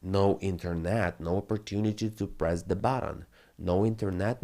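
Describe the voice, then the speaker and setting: A man's voice: lowish voice, moderate pace. Profane, ranting male crypto host. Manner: profane, animated, non-native phrasing. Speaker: crypto trading channel host. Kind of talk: ranting market commentary.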